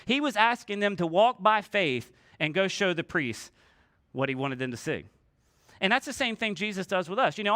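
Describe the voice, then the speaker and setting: A man's voice: sits high, sharp tone. A male pastor preaching a casual, conversational sermon in church, often acting out the voices of people in the story.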